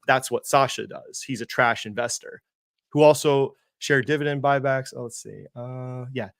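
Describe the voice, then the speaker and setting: A man's voice: mid-range voice, moderate pace, vocal fry, a bit bright, no echo, studio quality. A man co-hosting an investing livestream, ranting with sarcasm, swearing and mocking impressions. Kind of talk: heated casual chat.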